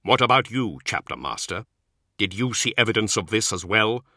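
Man doing gruff impatient lord, curt, low voice, dry close sound. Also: expressive, moderate pace, pushed and bright, dry recording, heavily acted. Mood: stern.

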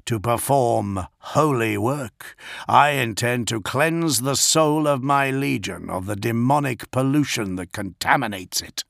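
A man voicing a stern, scheming male warrior-priest in a slow, measured, menacing way. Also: mid-range voice, gravelly, fairly bright tone, no room sound, studio quality.

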